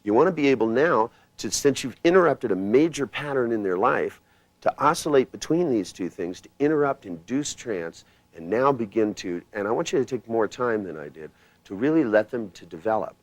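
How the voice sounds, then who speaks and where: A man leading a live hypnosis workshop, blunt and commanding, swinging his pitch and loudness to demonstrate. He talks casually and swears now and then. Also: expressive, moderate pace, dry recording. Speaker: hypnosis trainer.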